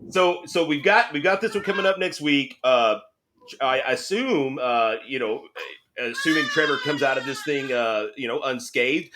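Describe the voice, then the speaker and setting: A man's voice: medium pitch, normal speed, noisy background. A man hosting a casual interview, asking questions in a rambling way with plenty of fillers. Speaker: interview host.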